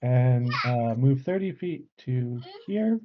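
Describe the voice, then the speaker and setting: A woman's voice: extremely low pitch, lively intonation, slow pace, background noise. A woman playing in an online tabletop game, describing her moves hesitantly with many fillers. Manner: hesitant, full of uh and like. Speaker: player. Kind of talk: casual tabletop game play. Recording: lo-fi online call audio.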